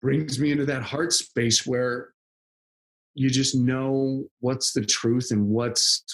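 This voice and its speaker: A man's voice: medium pitch, steady tone, slow pace. A young man chatting casually as a podcast guest, rambling with lots of fillers and frequent laughs. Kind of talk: casual conversation.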